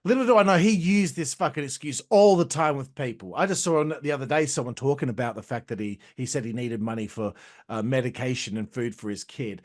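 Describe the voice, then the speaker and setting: A young adult man, hosting a casual wrestling review, talking in a profane, animated rant. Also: medium pitch, fairly quick. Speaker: host.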